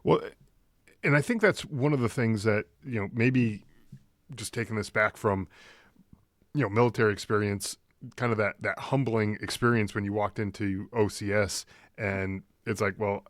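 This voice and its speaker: A man's voice: lowish voice, moderate pace, fairly bright tone, no echo, studio quality. A man hosting a podcast, reflecting thoughtfully in long winding sentences with repeated words. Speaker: podcast host. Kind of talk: reflective interview chat.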